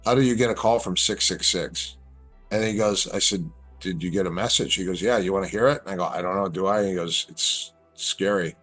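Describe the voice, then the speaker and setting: Brief: middle-aged male guest, low voice, animated storyteller. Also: fairly quick, soft background music. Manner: animated storyteller, acts out quoted lines. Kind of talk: casual storytelling chat.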